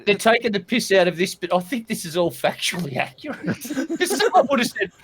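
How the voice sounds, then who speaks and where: A man's voice: high-pitched, sing-song, fairly quick, a bit bright, husky. A man with an Australian accent chatting casually on a podcast panel, swearing freely. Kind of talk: casual chat.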